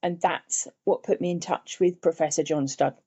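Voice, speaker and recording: A woman's voice: fairly low pitch, steady tone, normal speed, dark tone, husky. An older woman from England, a podcast guest, telling her personal story earnestly. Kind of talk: interview conversation. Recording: dull lo-fi remote audio.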